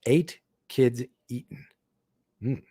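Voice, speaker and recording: A man's voice: mid-range voice, slow, warm tone, breathy edge, no room sound, clean studio sound. A man hosting a live book-club podcast, reading a comic aloud and breaking off for chatty asides. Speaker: podcast host.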